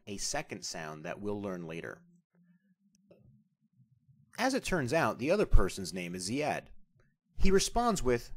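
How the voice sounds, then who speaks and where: A man narrating a scripted language lesson as the instructor, speaking carefully and deliberately as he breaks down sounds. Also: lowish voice.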